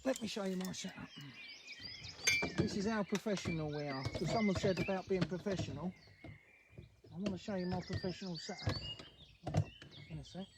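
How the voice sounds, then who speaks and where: High-voiced Englishman bantering on a live stream. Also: moderate pace, pauses often, heavy background noise. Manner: joking, teasing banter with viewers. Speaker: fishery owner hosting a live stream. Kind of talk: casual live-stream chat. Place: outdoors by fishing lakes.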